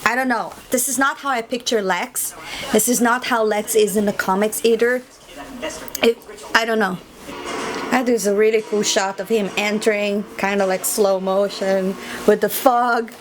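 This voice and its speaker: A woman reacts to a film at home, chatting casually to herself and muttering asides as she watches. Her medium-pitched voice holds a steady tone at normal speed. The noisy home recording has background hiss and a crowd audible behind her.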